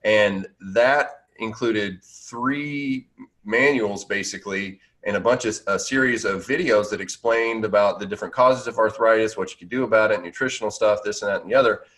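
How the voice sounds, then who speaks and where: A man's voice: on the low side, normal speed, fairly bright tone, low-quality recording. Rambling man hosting a chat. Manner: rambling, full of restarts and fillers. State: out of breath. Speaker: podcast host. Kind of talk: casual interview chat.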